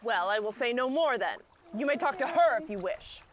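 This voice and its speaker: A woman's voice: fairly high pitch, lively intonation, natural voice. A woman acting a weak, parched shipwrecked woman, speaking wearily and mournfully in an outdoor stage performance. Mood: weary. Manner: weary, slow, mournful. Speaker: actor playing the businesswoman. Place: outdoor marina platform.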